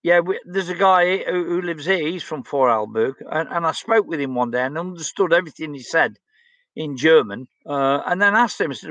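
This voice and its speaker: An Englishman in his 60s hosts a livestream, chatting casually and reading out viewer comments in a blunt, outspoken way. His voice is a little high and a bit bright, at a moderate pace, and the recording is dry.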